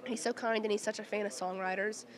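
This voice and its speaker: A woman from Oklahoma chatting as a guest songwriter, telling stories quickly with lots of restarts, while getting over bronchitis. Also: mid-range voice, steady tone. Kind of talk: casual interview chat.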